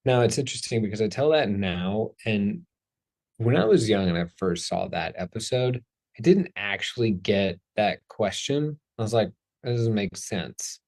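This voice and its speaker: Low-voiced man hosting a chatty show. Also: lively intonation, moderate pace, gravelly, darkish tone. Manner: playful, chatty, self-deprecating. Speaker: host. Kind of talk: casual talk show monologue.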